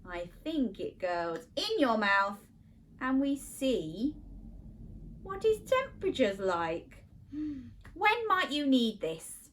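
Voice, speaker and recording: Young woman, children's phonics teacher, high bright voice, wildly swooping pitch. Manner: animated, sing-song, gasping with exaggerated surprise. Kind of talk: interactive lesson for young children.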